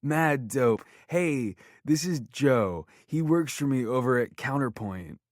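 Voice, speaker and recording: A man's voice: mid-range voice, animated, slow pace, no echo, clean studio sound, voice pushed up. A man voicing an eager, fawning young male fan in an audiobook, gushing over a celebrity.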